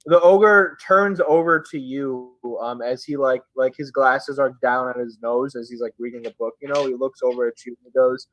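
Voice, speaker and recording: A man's voice: medium pitch, normal speed, few pauses, fairly bright tone, no echo, dull audio. A man running a tabletop game as dungeon master, narrating casually with many fillers. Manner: casual, full of "like" and "um".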